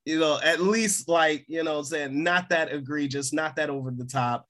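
A man's voice: on the high side, moderate pace, fairly bright tone. A man co-hosting a casual film review podcast, peppering his talk with "like" and frequent laughs. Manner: laughs often, many "like" fillers. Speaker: podcast co-host.

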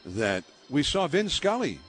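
Faint music plays behind this older male baseball announcer from the San Francisco Bay Area, whose voice sits on the high side and moves a little slowly. In an interview he shares lively anecdotes full of laughter and fillers.

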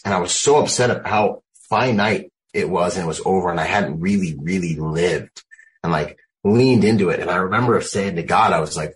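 A man's voice: sits low, brisk, poor audio. A military veteran, a man, recounting his experiences in loose, casual storytelling full of "like.".

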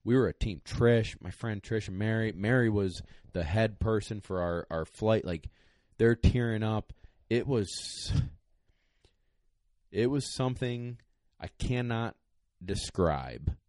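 Speaking at a slow pace with a lowish voice and no echo, a young dog trainer casually relates a story for a podcast. His telling is rambling, emotional and excited, packed with fillers.

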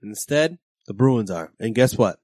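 A man's voice: lowish voice, expressive, unhurried, a little mellow, no echo, clean studio sound. A man in brash, casual chat, swearing constantly.

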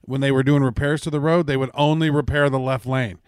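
A man's voice: mid-range voice, steady tone, quick pace, clean tone, no room sound, clean studio sound. A man co-hosting a podcast who rambles in a loose, casual way. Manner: rambling, loose talk with fillers and mild swearing. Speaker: podcast co-host. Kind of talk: casual chat.

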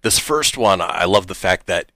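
A man hosting a radio show, reading funny text messages aloud with lively, laughing delivery. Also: deep voice, moderate pace, vocal fry, dry recording. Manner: lively, laughs between punchlines, switches voices for the quotes. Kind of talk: reading texts aloud on air, casual chat.

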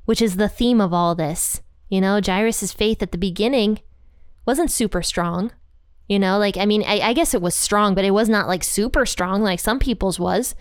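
A woman talks through a Bible passage in a relaxed, chatty way, full of "like" and "you know". Her voice is smooth and clear, and the recording is dry and close with no room sound. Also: mid-range voice, no echo. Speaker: Bible teacher. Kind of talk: casual Bible commentary.

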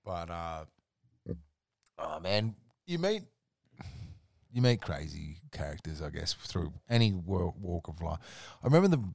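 A man's voice: low voice, sing-song, unhurried, gravelly, darkish tone, no room sound, studio quality. A man with an Australian accent, a podcast guest telling rambling, sweary work stories in a laid-back way. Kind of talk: casual storytelling chat.

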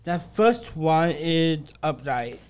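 A man's voice: a little high, expressive, takes it slowly, clear, resonant tone. A young adult man co-hosting a casual show with his father, giving short, cheerful replies. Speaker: podcast co-host and son. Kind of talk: casual chat.

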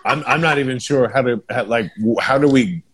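A man hosting a casual chat, halting and searching for words with many restarts. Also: medium pitch, very noisy.

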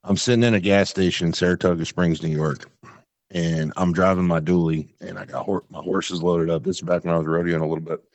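A man from Texas, a podcast guest telling animated, profane stories in casual chat. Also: low-pitched, a little fast, no room sound. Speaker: podcast guest, construction business owner.

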